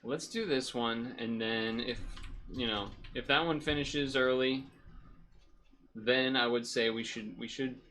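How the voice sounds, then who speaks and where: A man's voice: medium pitch, steady tone, unhurried, pushed and bright. A man streaming from home, chatting casually in a rambling, self-correcting way while hot and sweaty.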